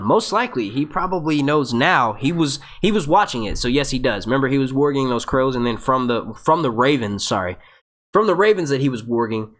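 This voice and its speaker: A man's voice: medium pitch, fairly bright tone. A young man hosting a casual livestream Q&A, rambling with lots of fillers and restarts, swearing and laughing easily. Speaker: host of a TV show discussion livestream.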